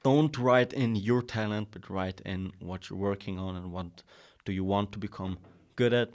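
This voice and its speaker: A man's voice: fairly low pitch, normal speed. A young man co-hosting a casual motivational podcast, speaking in a pushy, defiant way like a coach urging listeners on. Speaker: podcast co-host.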